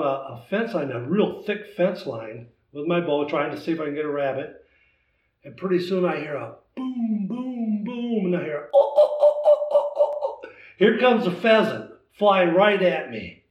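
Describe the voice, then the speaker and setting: Animated older man telling a story. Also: on the high side, moderate pace. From United States. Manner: animated storyteller, acts out voices in his tale. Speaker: guest. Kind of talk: storytelling in casual chat. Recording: roomy, distant, dull sound.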